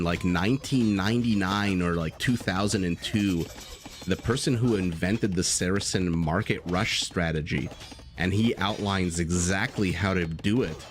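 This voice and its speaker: A man casting a strategy game live, chatting casually with viewers and telling stories as he goes. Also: sits low. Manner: chatty, easygoing, swears casually, tells stories.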